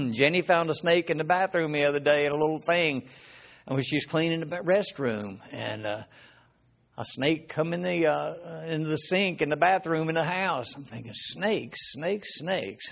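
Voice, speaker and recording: A middle-aged man preaching in a relaxed, conversational way, his voice sitting a little higher than most men's. He poses rhetorical questions to his listeners and keeps stopping to clear his throat. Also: normal speed. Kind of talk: informal sermon.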